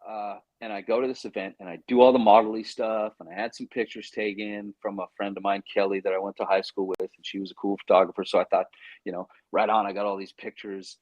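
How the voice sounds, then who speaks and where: A lowish-voiced man, an actor on an interview show, rattles off an animated story quickly while acting out his inner voice. Excitement makes him restart and stammer often, and the recording has no echo but its highs are cut off.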